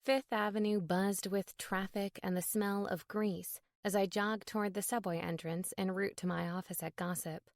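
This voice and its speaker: A woman narrating a romantic comedy in first person, wry and brisk. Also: medium pitch, no echo, clean studio sound. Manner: wry, brisk, animated dialogue. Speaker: audiobook narrator.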